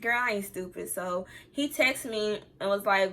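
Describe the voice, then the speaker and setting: A woman's voice: medium pitch, moderate pace, a bit bright. A young woman telling a personal story time on her vlog, candid and chatty, talking straight to her viewers and close to tears at times. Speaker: vlogger.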